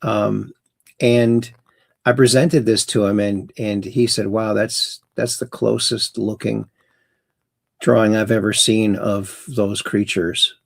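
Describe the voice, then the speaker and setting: A man's voice: on the low side, steady tone, slow, creaky, no room sound. A man hosting a casual call-in livestream, chatty and rambling as he reads viewer messages aloud. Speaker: host.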